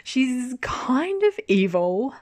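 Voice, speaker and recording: A woman's voice: sits high, extremely slow, no echo. Chatty woman, dry close sound. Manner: chatty, animated, swears casually, laughs often. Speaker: drama reviewer. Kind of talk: casual chat.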